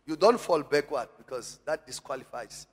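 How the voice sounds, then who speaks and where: A man's voice: fairly high pitch, lively intonation, normal speed, husky. A man preaching a sermon in church, calling on the congregation to answer and repeat after him. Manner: preaching with call-and-response to the congregation. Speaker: pastor. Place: church hall. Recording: long church-hall reverb.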